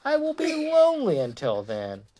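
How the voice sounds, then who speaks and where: A woman's voice: sits high, moderate pace, pitched above the performer's own voice. A woman putting on an eager storybook frog. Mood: pleading. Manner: bright, pleading, excited calls. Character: eager cheerful male frog, storybook friend.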